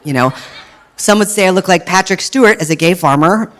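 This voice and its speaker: A man in his thirties performing stand-up comedy as a drag queen, with a sarcastic, punchy delivery and deadpan asides. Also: high-pitched, a little fast, noisy background. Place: comedy stage before a crowd. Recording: live audience laughing and clapping.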